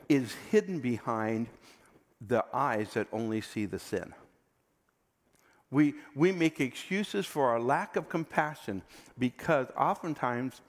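A man preaching a sermon with emphatic delivery that often sinks to a quiet, intense tone. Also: mid-range voice. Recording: long hall reverb.

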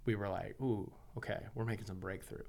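This pastor and foster father speaks a little fast in a lowish, creaky voice during a relaxed podcast conversation. He's a lively storyteller who performs what people said as he recounts events.

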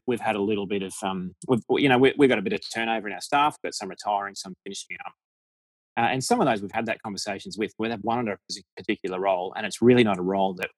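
Speaking with an Australian accent, a deacon joins a casual podcast conversation as a guest, keeping things frank and jokey with plenty of laughter. His voice is lowish and slightly rough, and the recording is dry.

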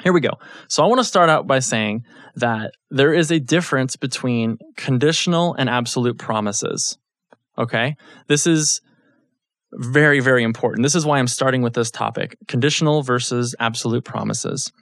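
A man in his thirties talks through a faith lesson in a relaxed, conversational way. He tells stories and keeps checking that listeners are following. His voice sits at an everyday middle pitch, recorded dry and close. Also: moderate pace, no room sound. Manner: conversational, storytelling, frequent check-ins with listeners. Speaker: Bible teacher. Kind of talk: casual teaching talk.

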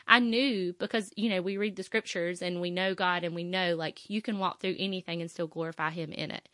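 A woman's voice: on the low side, sharp tone, dry recording, studio quality. A woman, talking on her faith podcast in an emotional, rambling way with many fillers. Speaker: podcast host. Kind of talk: personal faith podcast talk.

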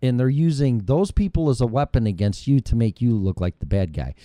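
A man's voice: medium pitch, animated, a little fast, mellow, no room sound, studio quality. A middle-aged man hosting his own show, delivering a heated, rambling monologue full of profanity. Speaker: show host. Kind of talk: ranting monologue.

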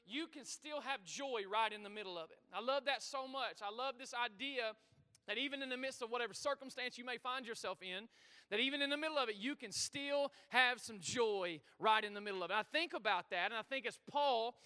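A man preaching a sermon to his congregation, energetic and full of call-and-response, in a church auditorium. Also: very high-pitched, brisk, clean tone. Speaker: pastor. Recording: reverberant hall.

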